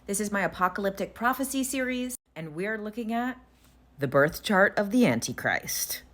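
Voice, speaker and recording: A woman's voice: medium pitch, lively intonation, normal speed. A woman hosting a casual storytelling vlog, chatty and enthusiastic, with some swearing. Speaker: host.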